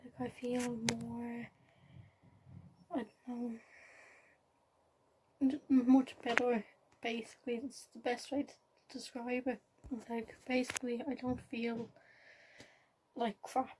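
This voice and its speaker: A woman's voice: fairly high pitch, little pitch movement, takes it slowly, long pauses, noisy background. A young woman chatting casually in a home vlog, rambling with lots of ums and often dropping to a whisper. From Ireland. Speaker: vlogger. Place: home bedroom, indoors.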